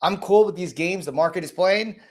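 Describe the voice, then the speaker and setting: A man with a hoarse, cold-worn voice talks through the day's market on a livestream. He is casual and blunt, circling back over the same points and tripping into restarts. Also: sits high, brisk, a little mellow. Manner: rambling, repeats himself, frequent restarts; blunt and casual, greets viewers by name.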